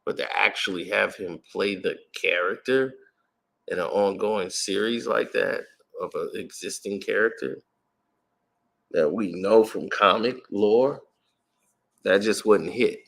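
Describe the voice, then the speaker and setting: A man giving casual, rambling commentary as a movie trailer reviewer, speculating out loud with plenty of fillers. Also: fairly low pitch, measured pace, creaky.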